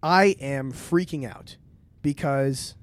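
A young man in casual podcast chat, telling a rambling, animated story and swearing often. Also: mid-range voice, slow pace, no room sound. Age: young adult. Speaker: podcast co-host.

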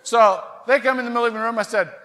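A middle-aged male pastor preaching a sermon, telling a story in an animated, self-mocking way. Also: very high voice, fairly quick. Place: large church sanctuary. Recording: reverberant church sanctuary.

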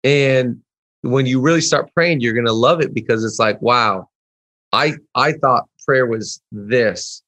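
An earnest male pastor speaks in a middle-pitched voice, chatting casually. He slips into quoted prayers as he talks. The sound is dry and close, with no room around it. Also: measured pace, a bit bright, no room sound. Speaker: pastor, podcast guest. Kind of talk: casual conversation.

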